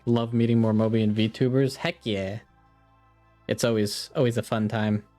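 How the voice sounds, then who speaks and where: A man's voice: lowish voice, fairly even intonation, normal speed, warm tone, faint music behind. A man hosting a gaming stream, chatting casually and upbeat, laughing often while he plays.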